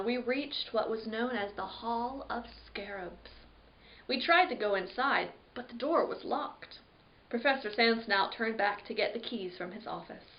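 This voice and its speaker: A woman reads a children's story aloud with dramatic flair, jumping into sudden yelps. Her voice sits a little high, and the recording sounds dull and lo-fi. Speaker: library storyteller. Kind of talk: expressive read-aloud story narration.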